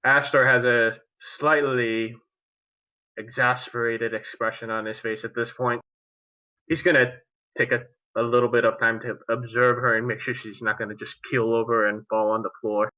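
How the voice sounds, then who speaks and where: A man playing a character in a tabletop game, hesitant and slow. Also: mid-range voice, level tone, pushed and bright, muffled recording. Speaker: player. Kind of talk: tabletop role-play.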